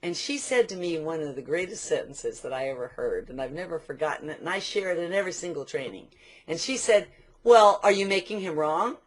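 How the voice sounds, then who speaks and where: An older woman giving a motivational business training talk, telling stories and slowing down to stress key points. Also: deep voice, animated.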